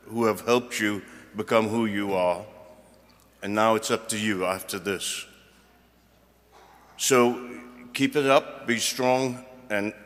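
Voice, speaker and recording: A man's voice: on the low side, fairly bright tone. A man, a university regent, giving a rambling, joking commencement speech from a podium. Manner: joking, rambling and self-deprecating. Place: large ceremony hall. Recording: long hall reverb.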